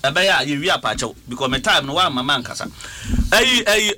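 Ghanaian male MP, high, very bright, lively delivery, talks over people. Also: a little fast. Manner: talks over others, repeats words, switches between languages. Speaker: member of parliament. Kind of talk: heated political debate.

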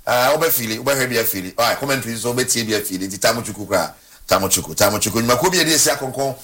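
A Ghanaian man hosts a live sports broadcast with a bright, forceful tone. He bursts through strings of names and repeats them with gusto. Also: medium pitch, animated, rapid-fire. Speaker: sports show host. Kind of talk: live sports broadcast, reading sponsor lists.

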